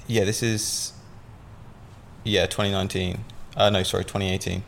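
A man from Southampton telling a long personal story as a podcast guest. His voice sits slightly low, and he talks in a loose, rambling way, full of fillers and casual swearing. A faint hum of ambience sits behind him. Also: little pitch movement, normal speed, gravelly, fairly bright tone. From Southampton, England.

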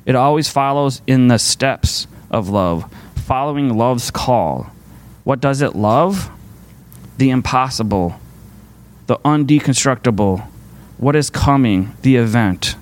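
A man's voice: mid-range voice, expressive, slow pace. A man giving a casual, conversational sermon to a faith community, earnest and rambling, restarting his sentences often.

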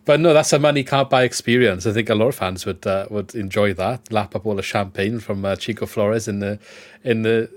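A man's voice: fairly low pitch, fairly quick. A man interviewing a guest in a casual, supportive, chatty way.

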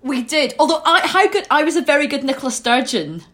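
A woman's voice: sits high, fast. A woman in casual chat, telling stories with lots of laughter and shrieks when amused. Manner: animated storyteller, laughs often, squeals when amused. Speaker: podcast guest.

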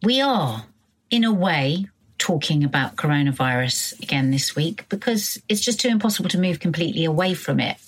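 A middle-aged British woman co-hosting a podcast, chatting casually with frequent halting restarts. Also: deep voice, lively intonation. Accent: British English. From Britain. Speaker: podcast co-host. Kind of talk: casual chat.

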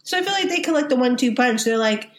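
A woman's voice: sits high, animated, fast talker, slight background noise. A woman with a Texan accent, co-hosting a casual podcast, chatting and laughing a lot as she reads out monster lore. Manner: giggly, bubbly, chatty. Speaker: podcast co-host. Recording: roomy sound.

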